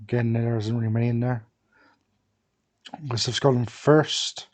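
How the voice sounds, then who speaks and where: A young man casually commenting on a football management game, thinking aloud with many fillers and pauses. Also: medium pitch, steady tone. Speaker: gaming video creator.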